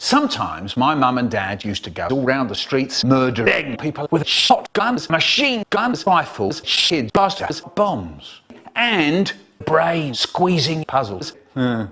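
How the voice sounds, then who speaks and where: Lively male storyteller, sound effects and all. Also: mid-range voice, slow, husky. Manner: animated, expressive storytelling with sound effects and stuttered repeats. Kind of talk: children's storytelling, chopped into a comedy remix.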